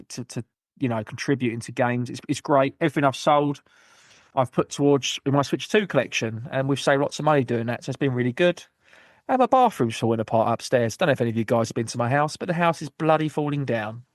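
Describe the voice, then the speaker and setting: A man hosting a gaming podcast on his own, rambling through shout-outs and jokey, self-mocking asides. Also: mid-range voice, no echo, studio quality. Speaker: podcast host. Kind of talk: solo gaming podcast chat.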